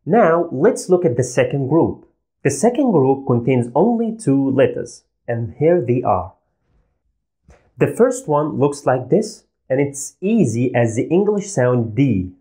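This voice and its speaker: Man, slow and patient teacher, mellow voice, lively pitch. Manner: patient, repeats sounds slowly for learners. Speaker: Arabic language teacher. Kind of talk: slow, deliberate pronunciation lesson.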